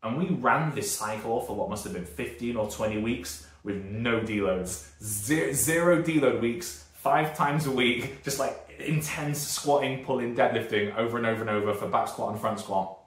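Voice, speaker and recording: A British man in his thirties talks through a training lesson in a loose, chatty way, often breaking off into tangents and correcting himself. His pitch sits in a middle range for a man. The sound carries a noticeable room echo. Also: normal speed. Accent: British, northern English. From Britain. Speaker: strength coach. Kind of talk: casual video lesson.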